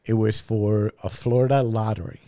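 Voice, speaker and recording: A man on a casual podcast, telling stories in an animated way and swearing freely. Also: on the low side, normal speed, no room sound, studio quality. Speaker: podcast co-host.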